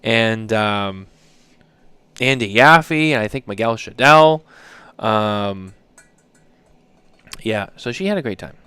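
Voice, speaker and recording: A man's voice: on the low side, expressive, slow, long pauses, pushed and bright, clean tone, dry recording. A man in his thirties co-hosting a podcast, telling stories in a loose, rambling way with lots of fillers. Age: 30s. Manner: rambling storyteller, many fillers. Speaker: podcast co-host. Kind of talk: casual chat.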